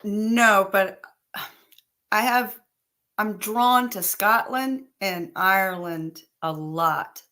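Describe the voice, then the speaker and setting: Slow-talking, halting woman co-host. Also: medium pitch, bright, forceful tone. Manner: halting, giggly, restarts often. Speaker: podcast co-host. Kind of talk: casual chat.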